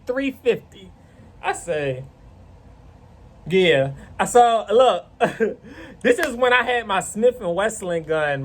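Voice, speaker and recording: A man casually telling a rambling, profane story to camera. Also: high-pitched. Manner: rambling, profane, animated retelling.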